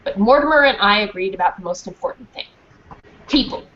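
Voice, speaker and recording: A woman's voice: mid-range voice, animated, quick pace, fairly bright tone. A woman reading a children's storybook aloud in a classroom, stopping to ask the children questions and check that they understand. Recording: dull muffled recording with faint hiss.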